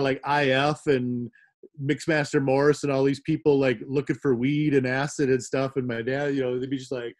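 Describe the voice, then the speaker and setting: Here the same kind of guest, a middle-aged rave promoter from the American Midwest, chats casually, wandering from story to story with frequent laughter and plenty of fillers. He has a mid-range, slightly mellow voice.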